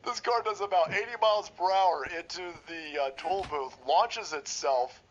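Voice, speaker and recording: Man, stream host, profane sarcastic ranting, high pitch, muffled with faint hiss. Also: moderate pace. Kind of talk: livestream political commentary.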